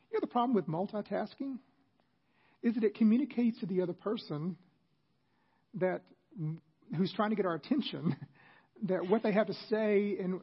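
A man's voice: high-pitched, breathy edge, dull audio. A middle-aged man, a pastor, giving an earnest, conversational sermon with self-deprecating asides.

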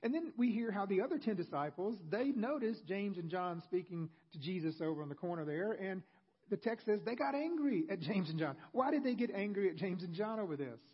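A man's voice: high voice, big pitch swings, a little fast, breathy edge, dull audio. A male pastor giving a sermon in a conversational storytelling manner with humorous asides.

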